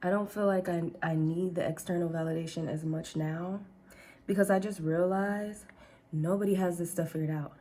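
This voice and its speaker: A vlogger doing a casual get-ready-with-me chat laughs often and calls her audience "girl," starting in her kitchen and heading upstairs. She speaks at a moderate pace in a lowish, dark-toned voice with fairly even intonation, and slight background noise is present.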